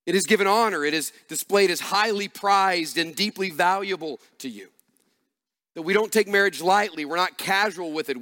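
A man's voice: on the high side, sharp tone, in a large hall. A man preaching a sermon as pastor, earnest and repeating phrases for emphasis.

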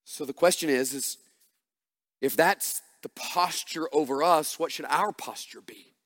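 A man's voice: on the high side, measured pace, fairly bright tone. A man preaching a sermon as pastor, emphatic and repetitive, building punchy refrains. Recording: long reverb of a large hall.

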